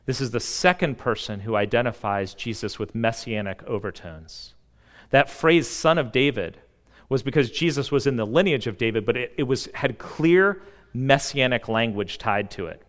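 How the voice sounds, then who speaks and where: A man preaching a sermon as a pastor. He delivers it earnestly, swelling to emphatic peaks and dropping to hushed, slow passages. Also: mid-range voice, expressive, in a large hall.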